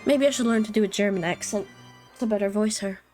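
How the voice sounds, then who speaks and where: A woman casually commenting on a visual novel as she plays, excitable and thinking aloud. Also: mid-range voice, quick pace, soft background music. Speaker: let's-play streamer.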